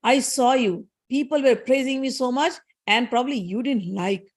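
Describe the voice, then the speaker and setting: A woman's voice: sits high, moderate pace. A woman voicing a wise goddess of knowledge who scolds her husband in a retold scripture story. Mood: reproachful. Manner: reproachful, accusing.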